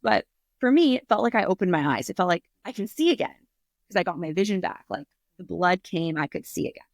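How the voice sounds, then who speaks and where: An author appearing as a podcast guest, a woman with a lowish, brisk voice, tells a personal story on an interview show. She's candid and animated, swearing freely, acting out her reactions, and using many fillers. The recording is studio quality with no room sound.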